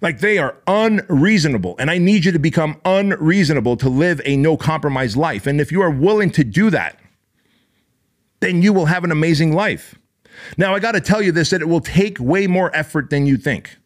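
A man's voice: fairly high pitch, lively intonation, normal speed. A man hosting a podcast, delivering an intense, profane, emphatic motivational monologue. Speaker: podcast host.

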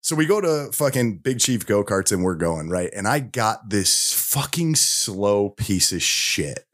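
A man casually telling a long anecdote on a podcast, profane and animated, slipping into voices of the people he describes. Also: fairly low pitch, unhurried. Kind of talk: casual storytelling chat.

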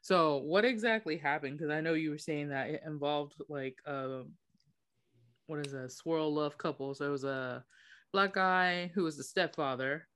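A woman's voice: deep voice, moderate pace, fairly bright tone, smooth, no room sound. A woman co-hosting a casual podcast, chatting and laughing often as she tells a story. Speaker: podcast co-host.

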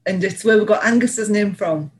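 On a roughly recorded podcast, a Northeast English woman with a medium-pitched voice co-hosts at a moderate pace. She drifts from story to story, laughing often and leaning on filler words.

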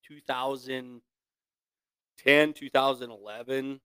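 A man's voice: medium pitch, little pitch movement, measured pace, a bit bright, smooth, dry recording. A man in his thirties, a podcast guest telling war stories in casual chat, swearing freely and acting out what others said. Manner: profane, laughing storyteller who acts out quotes. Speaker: podcast guest, equipment operator.

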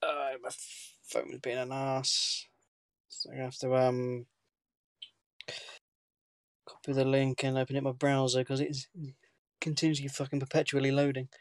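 A man's voice: medium pitch, monotone, moderate pace, pauses often, no echo. A man co-hosting a podcast in casual chat among friends. He talks loosely, stops and restarts often, and swears now and then. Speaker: podcast co-host.

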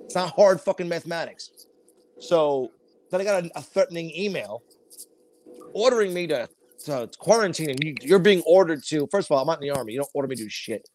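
A man's voice: on the high side, lively intonation, quick pace, a little mellow, slight background noise. A man, co-hosting a podcast and telling rambling, profane stories in casual chat. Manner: rambling storytelling with heavy swearing. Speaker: podcast co-host.

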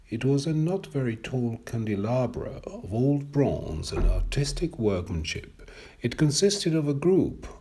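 Slow, husky male story narrator. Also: medium pitch. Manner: expressive, measured reading. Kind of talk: audiobook story reading.

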